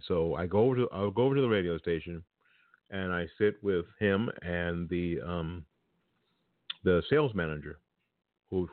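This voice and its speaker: Delivering a casual monologue straight to his listeners, this very deep-voiced podcast talk-show host is blunt and opinionated. His voice comes through a thin, phone-like line, recorded dry and close without any reverb.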